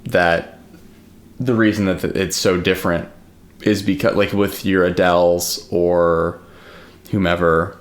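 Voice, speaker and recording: Low-voiced man rambling in casual chat. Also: fairly even intonation, measured pace. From United States. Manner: rambling, filler-heavy storytelling. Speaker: podcast co-host.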